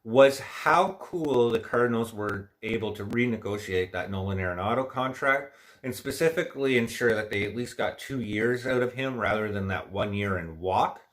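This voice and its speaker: Here a livestream host chats casually in a fairly low voice at an ordinary pace, his sound a bit bright. Stuffed up from allergies, he wanders from point to point, opinionated and clearly frustrated.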